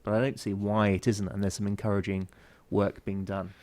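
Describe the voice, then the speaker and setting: A man's voice: lowish voice, flat delivery, fairly quick, a little mellow. A man answering questions on a panel discussion, hesitant, with many fillers and restarts; he teaches classes. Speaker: university teacher.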